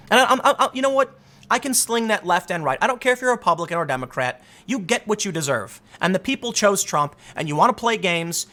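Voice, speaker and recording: His voice sits high as he offers political commentary on his own. The delivery is sarcastic and animated, wandering with many restarts.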